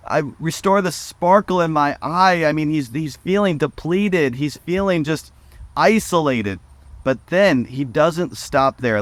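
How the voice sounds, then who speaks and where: A man's voice: fairly bright tone, dry recording. A man, a pastor, giving a short devotional message in an earnest way, with fillers and repeated words. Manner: earnest, rising pitch when reading scripture; uses fillers and repetition.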